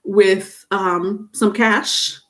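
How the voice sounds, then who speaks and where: A woman's voice: medium pitch, fairly even intonation, drawn-out words, a bit bright. A middle-aged woman talks casually through a tarot livestream from home. Her delivery is chatty and loose. She circles back over her points and laughs often. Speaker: tarot reader.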